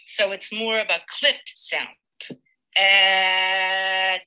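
A woman teacher leading a live demonstration lesson with a child, patient and encouraging, slowly sounding out words. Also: medium pitch, animated, bright, forceful tone, rough recording.

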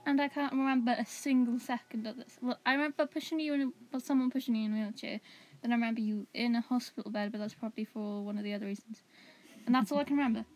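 A woman's voice: on the high side, steady tone, quick pace, darkish tone, rough recording. A young woman, co-hosting a casual chat and teasing her friend. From Wales. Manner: chatty, teasing. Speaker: co-host.

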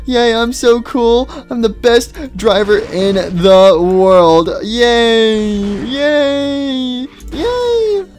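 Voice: mid-range voice, very slow, faint music behind. A performer voicing a childish, boastful female animatronic wolf racer who squeals and wails, in a game machinima. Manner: excitable, squealing, prone to wailing.

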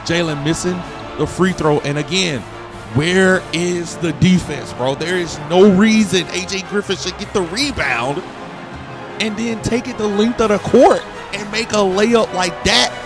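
A man giving excited, trash-talking play-by-play commentary over his own basketball video game session. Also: sits high, a little slow, music in the background. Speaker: gaming video creator. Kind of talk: gameplay commentary.

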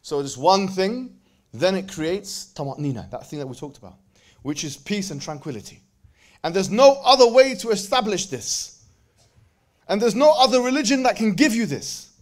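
A man giving a lively religious lecture to a live audience, joking and bantering with the crowd and quoting verses in quick Arabic recitation. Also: sits high. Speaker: speaker at a religious event.

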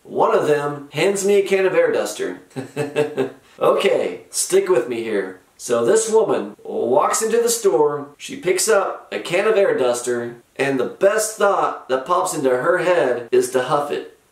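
Grumpy middle-aged guy, dry sarcastic storytelling, slow drawl, echoey room a bit off mic. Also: a little high, big pitch swings, distant mic. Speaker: comedic storyteller host. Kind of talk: deadpan comic retail storytelling. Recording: roomy echo, from off-mic.

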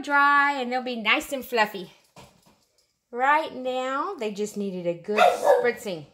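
A woman's voice: a little high, slow pace, fairly bright tone, a little hiss or hum. A woman dog breeder chatting casually in a vlog, slipping into cooing baby talk with her puppies. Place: indoors in a puppy pen area. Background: puppies whining and crying.

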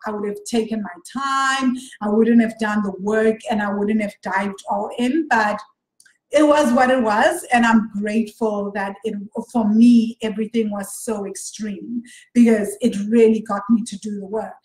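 A woman's voice: medium pitch, steady tone, moderate pace. A woman hosting a podcast as a money coach, talking casually and often checking in with "right?" and self-corrections. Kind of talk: casual solo podcast talk. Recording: roomy echo.

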